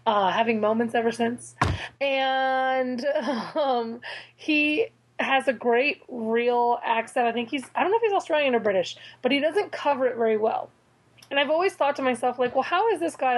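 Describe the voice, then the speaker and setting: A woman's voice: on the high side, rough recording. A woman co-hosting a podcast, chatting casually and animatedly about TV shows, often laughing. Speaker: podcast co-host. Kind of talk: casual TV review chat.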